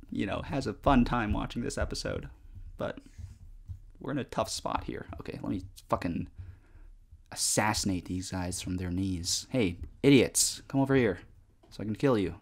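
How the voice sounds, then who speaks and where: A man's voice: mid-range voice, vocal fry. A young man chatting casually while playing a game, rambling with lots of fillers and swearing at the game. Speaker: gaming vlogger. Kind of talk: casual chat over gameplay.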